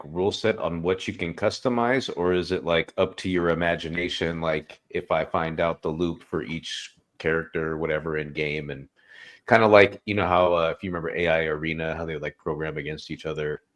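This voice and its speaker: A man's voice: deep voice, steady tone, a little fast, a bit bright. A man asking questions in a casual way, leaning on "like" a lot. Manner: casual, heavy use of "like". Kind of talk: casual chat.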